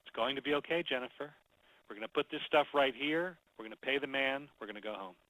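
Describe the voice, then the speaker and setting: A man voicing a young mother in a supermarket, quiet and controlled as he quotes her soothing words. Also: mid-range voice, brisk, no room sound, lightly acted, poor audio. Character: calm, soft-spoken young mother in a supermarket.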